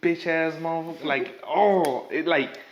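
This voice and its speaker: A man hosting a casual podcast chat, telling animated stories and acting out quotes. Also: on the high side, measured pace, reverberant, dull audio, a little hiss or hum. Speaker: podcast host.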